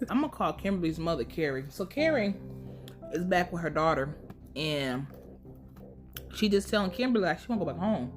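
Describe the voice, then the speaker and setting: Young woman, podcast host, slangy profane recap, lowish voice, very animated pitch. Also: moderate pace, pauses often, soft background music. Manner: animated, swears freely, laughs often, slangy. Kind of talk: casual profane recap commentary.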